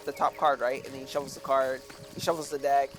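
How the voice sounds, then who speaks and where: A man's voice: medium pitch, flat delivery, fast talker, soft background music. A man streaming a game, telling a rambling story in a casual way, tagging his sentences with "like" and "right?". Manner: rambling, with many "like" and "right?" tags. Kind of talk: casual storytelling while gaming.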